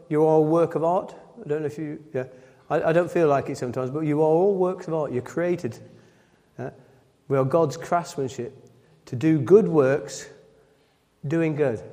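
In a long, ringing reverb like that of a church hall, a male preacher delivers his sermon with a mellow, easygoing voice that sits slightly high. After reading scripture aloud, he explains it, often repeating himself and swiftly correcting his wording.

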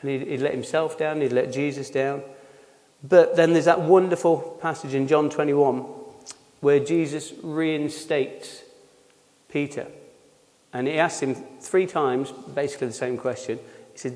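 A man preaching an informal sermon in a church hall, his voice sitting a little high for a man. He talks in a halting way, full of fillers and restarts. The sound carries a long reverb from the room. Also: steady tone, a little mellow.

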